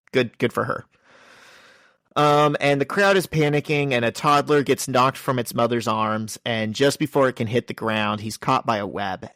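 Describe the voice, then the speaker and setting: A man's voice: mid-range voice, a bit bright, no room sound, clean studio sound. Man co-hosting a comic book podcast. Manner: joking, summarizes plot and reads out dialogue. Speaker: podcast co-host. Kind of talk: casual comic book discussion.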